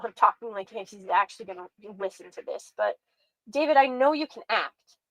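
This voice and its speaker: A woman's voice: medium pitch, lively intonation, normal speed, no room sound, poor audio. A woman hosting a commentary show, reacting with sarcastic, exasperated rants. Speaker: commentary host.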